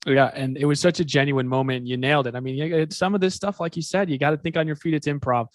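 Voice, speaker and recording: A man's voice: fairly high pitch, steady tone, quick pace, dry recording, clean studio sound. A man hosting a podcast, asking questions in a friendly, encouraging way. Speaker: podcast host. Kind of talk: casual interview chat.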